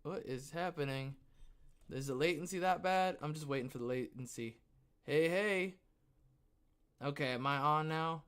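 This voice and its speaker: A man with a somewhat high voice hosts a casual podcast livestream from home, still winded and short of breath. He rambles, talks to himself, and chuckles at his own jokes. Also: moderate pace, long pauses, a bit bright, smooth. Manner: rambling, self-talking, laughs at himself. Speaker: podcast host.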